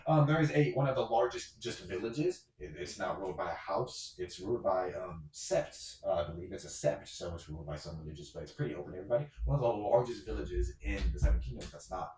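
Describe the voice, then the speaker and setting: A man's voice: sits low, quick pace, few pauses, darkish tone. A man narrating as game master of a tabletop game, in a rambling way with many fillers. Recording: roomy echo.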